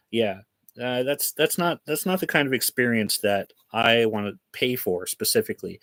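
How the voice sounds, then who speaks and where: A man's voice: mid-range voice, normal speed, fairly bright tone, no room sound. Blunt, frustrated man ranting on a livestream. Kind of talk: livestream rant.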